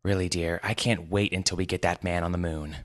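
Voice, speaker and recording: A man's voice: low-pitched, fairly even intonation, a little fast, very noisy, lightly acted. A man voicing a middle-aged wife who speaks in a too-sweet, cold tone in a story reading. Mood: falsely sweet.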